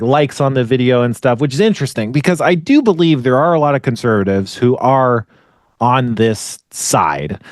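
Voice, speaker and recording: A man of middle pitch co-hosting a podcast in a loose, rambling way, full of fillers, restarts and quick laughs. His voice is recorded close and dry, with no room sound. He talks like someone thinking things through out loud. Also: no room sound. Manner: laughs often while talking. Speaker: podcast co-host. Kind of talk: casual conversational commentary.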